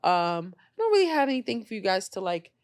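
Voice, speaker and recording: Animated young woman podcast co-host. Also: mid-range voice, quick pace, no room sound, clean studio sound. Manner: animated storytelling, acts out quotes loudly. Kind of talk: casual chat.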